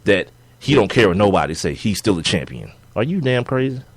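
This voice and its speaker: A young man co-hosting a sports podcast in casual chat, animated and laughing as he argues his points. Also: lowish voice, a little fast, dry recording. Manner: animated, laughing, acts out players' quotes.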